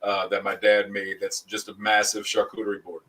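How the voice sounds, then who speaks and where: A man's voice: on the low side, completely flat delivery, fairly quick, a crowd in the background, poor audio. A man in a casual talk show, explaining things in an easygoing way. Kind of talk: casual chat.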